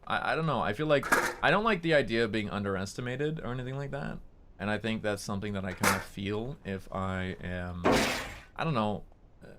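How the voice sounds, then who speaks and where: A man's voice: on the low side, noisy background. A young man streaming a game, chatting casually and rambling, with a nasal tone. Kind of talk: casual gameplay commentary.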